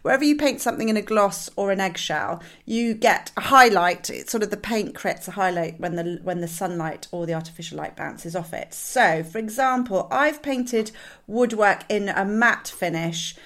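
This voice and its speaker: A woman's voice: medium pitch, normal speed, fairly bright tone. A woman co-hosting a podcast, explaining decorating ideas with dry good humour. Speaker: podcast co-host. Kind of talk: casual chat.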